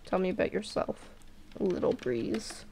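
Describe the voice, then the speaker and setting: A woman voicing a gentle old female elder cat in a storybook game, speaking softly and slowly. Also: fairly low pitch, expressive, vocal fry, slight background noise. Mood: kindly. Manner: soft-spoken, slow storyteller.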